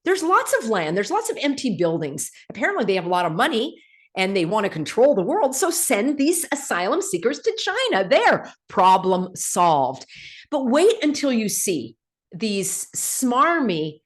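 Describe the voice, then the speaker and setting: Woman host, lively swooping pitch, emphatic sarcastic rant, rhetorical questions. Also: moderate pace. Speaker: show host. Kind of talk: direct-to-camera rant.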